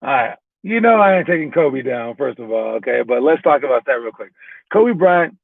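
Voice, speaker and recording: A man runs through basketball drills in an easygoing, talky way, stumbling and restarting and tossing in "all right" between points. His voice sits at an ordinary middle pitch. The sound is thin and phone-like, with a dry, close feel. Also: animated, moderate pace, vocal fry, no room sound. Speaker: basketball trainer. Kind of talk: casual explaining and ranking.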